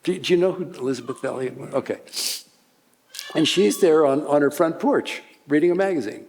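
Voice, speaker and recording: An older man telling a warm story at a conference seminar, chuckling as he goes. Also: on the high side, a little fast. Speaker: speaker. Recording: long hall reverb.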